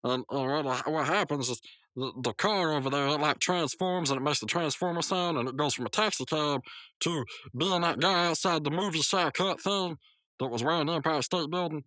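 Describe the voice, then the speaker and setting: A man co-hosting a podcast, recapping a cartoon episode in a halting, stumbling way. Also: a little high, sharp tone, dry recording. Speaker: podcast co-host.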